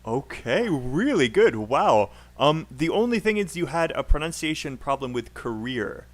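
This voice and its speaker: A man's voice: on the high side, very animated, a little slow. A man teaching English pronunciation in a live online class, encouraging and laughing often as he corrects students.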